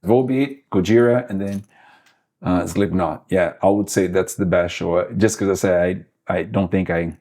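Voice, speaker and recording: Deep brazilian guy in his 40s, accented, lots of uhs and restarts. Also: steady tone, warm tone. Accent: Brazilian Portuguese. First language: Portuguese. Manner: halting, many fillers and restarts. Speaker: guest musician. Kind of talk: casual interview chat.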